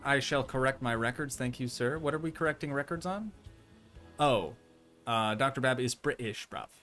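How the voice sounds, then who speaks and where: A man's voice: mid-range voice, moderate pace, fairly bright tone. A man streaming a park-building game, chatting casually and playfully with his viewers in rambling asides. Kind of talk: casual game livestream chat. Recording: faint music in background.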